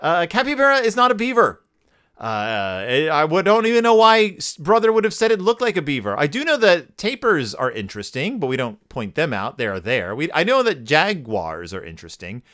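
A man's voice: on the high side, wildly swooping pitch, fairly quick, hardly any pauses, fairly bright tone. A man hosting a podcast and giving a comedic, sarcastic review of a picture book, with wry rambling asides. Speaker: podcast host.

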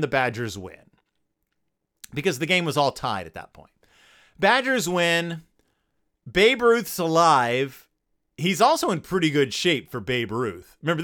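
A man's voice: on the high side, fairly bright tone. A man hosting a comedic podcast, reviewing a children's book with sarcasm and goofy character voices. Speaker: podcast host.

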